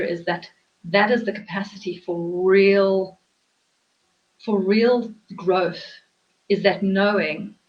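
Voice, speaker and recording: A woman's voice: mid-range voice, dull audio. A woman hosting an interview as a life coach, explaining her ideas earnestly and repeating phrases for emphasis. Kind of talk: reflective interview talk.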